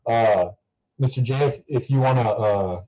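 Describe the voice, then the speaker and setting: A man's voice: mid-range voice, normal speed, dark tone, low-quality recording. A young man talking casually to a class over a video call, rambling with many fillers and restarts. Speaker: student guest speaker.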